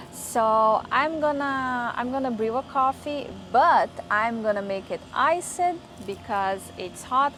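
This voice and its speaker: Chatty upbeat woman, high voice. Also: fairly bright tone, a little hiss or hum, poor audio. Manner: chatty and upbeat, with many restarts. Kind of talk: casual vlog chat. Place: home balcony, outdoors.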